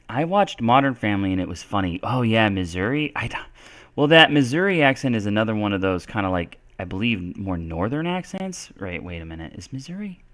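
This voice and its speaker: A man's voice: deep voice, vocal fry, fairly bright tone. A man answering English questions on a live stream, casual and thinking aloud with lots of fillers. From Texas. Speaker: English teacher.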